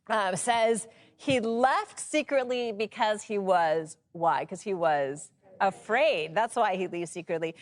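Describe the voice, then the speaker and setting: A woman in her thirties teaching a casual Bible study, chatty and expressive, laughing often as she explains the passage. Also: mid-range voice.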